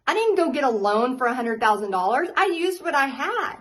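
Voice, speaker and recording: A woman, a paint party instructor telling her story to viewers in a candid, animated way, laughing often. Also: sits high, fairly quick, rough recording.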